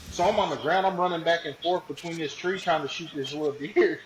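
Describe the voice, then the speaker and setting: A man's voice: a little high, a little fast, few pauses, echoey room, background noise. Slangy man telling a hunting story. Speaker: podcast guest, hunting ambassador. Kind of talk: casual storytelling.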